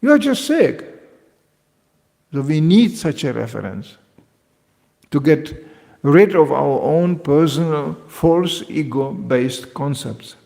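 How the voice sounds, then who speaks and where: A man with a gravelly, somewhat high voice gives a devotional lecture. He is lively and joking and often acts out the people he talks about. The sound rings with a long reverb, as in a large hall. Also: slow pace. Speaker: spiritual teacher.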